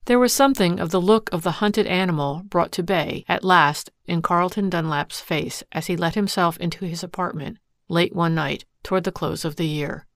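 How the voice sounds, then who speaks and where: Low, gravelly woman reading a story. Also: moderate pace, dry recording, studio quality. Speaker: audiobook narrator. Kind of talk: scripted narration.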